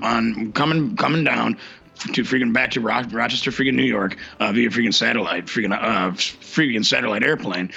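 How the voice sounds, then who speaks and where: A man acting out a rambling male radio co-host with a deeply gravelly, raspy voice that is bright and edgy. He stammers and restarts constantly, dropping "freaking" into nearly every phrase. It sounds like a dull, lo-fi comedy radio sketch. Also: exaggerated voice. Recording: dull lo-fi recording.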